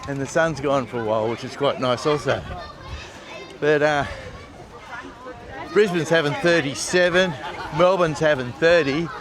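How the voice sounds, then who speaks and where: An Australian man narrating a casual travel vlog outdoors on a coastal walk, chatty and wry with friendly asides. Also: on the high side. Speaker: travel vlogger. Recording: noisy outdoor street recording. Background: traffic and outdoor ambience.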